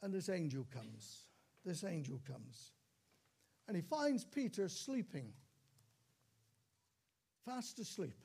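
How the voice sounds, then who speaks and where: A man's voice: high voice, very animated, slow pace, gravelly, pauses often, dark tone, breathy edge. A man, older, preaching a sermon in a church, telling stories with dramatic repeats and calls of praise.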